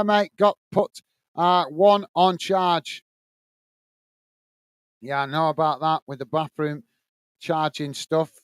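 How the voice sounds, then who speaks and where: High, smooth-voiced British man hosting. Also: no echo. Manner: friendly, reads viewer comments aloud and greets them as mate. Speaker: host of a football watch-along stream. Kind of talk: live chat reading during a match stream.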